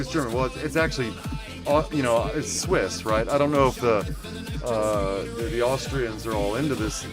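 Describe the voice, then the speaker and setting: A man hosting a casual game livestream, rambling and self-interrupting with many fillers while playfully mangling German words. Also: medium pitch. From United States. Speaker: livestream host.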